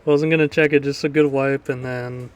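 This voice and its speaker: A man's voice: mid-range voice, fairly even intonation, moderate pace, smooth. A man co-hosting a casual podcast, laid-back and laughing often. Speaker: podcast co-host. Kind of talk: casual chat.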